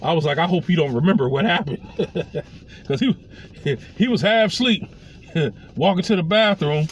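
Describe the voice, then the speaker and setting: A man with a high voice tells a personal story in in a loose, casual way. He swings his pitch widely and slips into the voices of the people he quotes. There is a faint noise behind him. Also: expressive, moderate pace.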